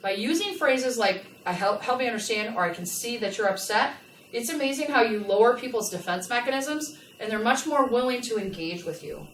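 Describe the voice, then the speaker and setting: Woman workplace trainer, animated, fairly high voice, distant and roomy. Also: brisk. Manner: animated, asks the audience questions. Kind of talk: customer service training talk. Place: large room with a live audience. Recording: echoey room, from a distance, faint noise.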